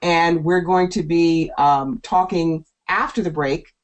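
A woman from South Jersey hosting a call-in radio show, talking in a brisk, playful, chatty way. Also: on the low side, steady tone. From South Jersey, USA.

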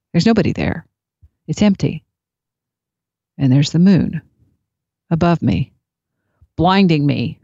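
A woman tells a personal story in a reflective, unhurried way. Her voice sits low and mellow. The recording is dry and slightly dull. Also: slightly rough, no echo. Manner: reflective, unhurried anecdotal telling. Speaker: speaker sharing spiritual experiences.

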